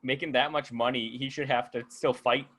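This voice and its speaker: Male podcast co-host, crisp bright tone, playful and jokey. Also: medium pitch, steady tone, normal speed, low-quality recording. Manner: joking, playful, laughs at his own jokes. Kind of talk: casual chat about MMA.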